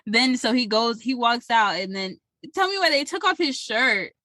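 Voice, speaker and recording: A woman's voice: fairly high pitch, unhurried, no room sound. A woman co-hosting a podcast, retelling a movie in casual chat, acting out the characters' lines and swearing freely. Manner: animated storytelling with acted-out quotes and profanity. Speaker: podcast co-host.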